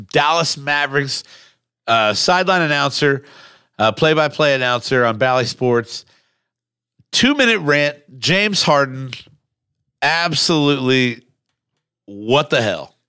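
A male podcast host in casual, animated chat, blunt and quick to swear. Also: fairly high pitch, clean tone, no room sound, studio quality.

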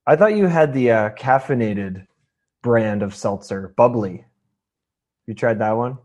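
Relaxed male podcast guest from new england, lively up-and-down voice, laughs a lot. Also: mid-range voice, dull audio. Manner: laid-back, quick to laugh. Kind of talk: casual chat.

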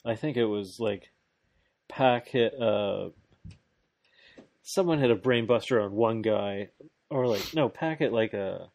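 A man in casual chat, recapping a match play by play with excitement, laughing often and restarting his sentences. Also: fairly low pitch, slow, creaky, pauses often.

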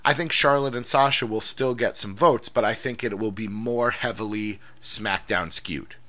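A man's voice: lowish voice, moderate pace, pushed and bright. A man hosting a casual chat show, asking questions and often repeating words as he starts a thought. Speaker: podcast host.

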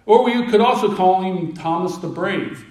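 A high-pitched male preacher telling a scripture story with playful voices for the disciples. He sounds set back from the mic in an echoey room. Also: expressive, normal speed, a little mellow, recorded from a distance. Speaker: pastor. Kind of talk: sermon.

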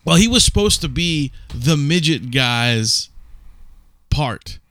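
A man's voice: on the high side, expressive, slow, fairly bright tone, a little hiss or hum. A man co-hosting a podcast, telling a long rambling story in casual chat with some swearing. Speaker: podcast co-host.

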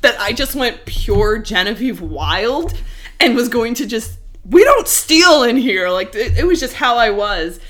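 A woman co-hosting a casual podcast, telling stories in an animated way, laughing often and using lots of fillers. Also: on the high side, measured pace. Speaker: podcast co-host. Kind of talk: casual chat.

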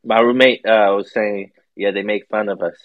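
A man in a casual chat who stumbles and repeats words as he gets going. His voice sits fairly low, and the recording sounds dull and lo-fi. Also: steady tone, normal speed.

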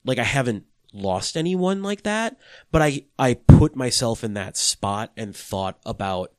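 A man's voice: medium pitch, animated, a little slow, darkish tone, no echo, studio quality. A young man co-hosting a casual podcast chat, rambling with lots of "like" and swearing freely. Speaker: podcast co-host.

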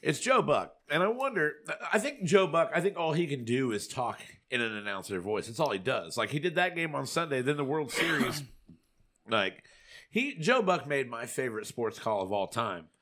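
A man's voice: medium pitch, sing-song, moderate pace, fairly bright tone. A man hosting a podcast, talking casually and animatedly, swearing freely. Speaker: podcast host. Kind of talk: casual chat.

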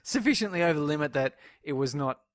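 A man's voice: fairly high pitch, expressive, fast talker. A man from Australia co-hosting a casual podcast, telling a wry personal anecdote. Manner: anecdotal, wry, laughs at his own story. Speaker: podcast co-host. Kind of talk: casual chat.

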